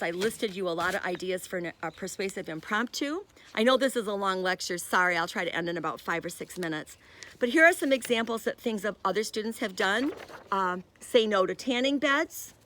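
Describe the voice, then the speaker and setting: A woman's voice: medium pitch, a bit bright. A woman in her sixties, an instructor giving a recorded lecture, chatty and rambling with personal asides.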